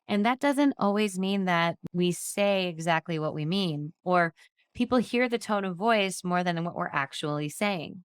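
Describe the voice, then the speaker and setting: Low-voiced woman giving a candid training talk. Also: lively intonation, a little slow, smooth, dry recording, clean studio sound. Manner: conversational, candid, practical. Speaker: insurance agency trainer.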